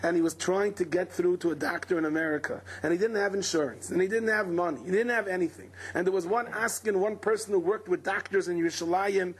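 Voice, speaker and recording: Male rabbi, Torah class; high husky voice, dramatic storyteller who performs his quotes. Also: quick pace, hardly any pauses.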